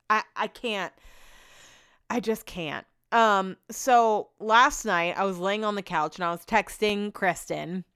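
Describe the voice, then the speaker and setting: Brief: woman solo podcast host, smooth clear voice, dry close sound, loose, chatty and profane. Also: medium pitch, a bit bright, no room sound. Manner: rambling, chatty, swears freely. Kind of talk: casual solo podcast chat.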